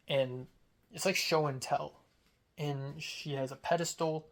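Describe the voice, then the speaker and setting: A young adult from Hong Kong who works as a script supervisor, talking casually and candidly and filling the talk with "like" and "um". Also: medium pitch. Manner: chatty and candid, heavy use of "like" and "um". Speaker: script supervisor on a student film set. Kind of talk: casual storytelling vlog.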